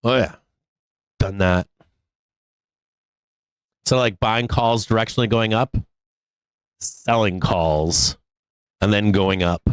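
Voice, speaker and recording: A man's voice: on the low side, slow pace, long pauses, smooth, no room sound. A man hosting a live trading stream, venting angrily and swearing about a lost trade. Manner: profane, angry and venting, with bursts of laughter. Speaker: livestream trading show host.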